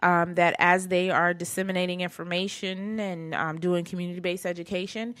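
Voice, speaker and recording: A woman with a bright but lowish voice, close and dry on the mic. She explains haltingly with fillers, then turns to dry teasing. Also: level tone, smooth, no echo. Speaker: podcast co-host. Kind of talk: casual comedic chat.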